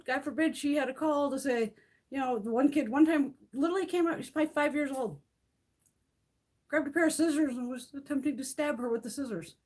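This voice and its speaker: Blunt, profane woman ranting on a livestream. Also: high voice. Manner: blunt, profane and laughing often. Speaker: beauty vlogger. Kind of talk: casual livestream rant.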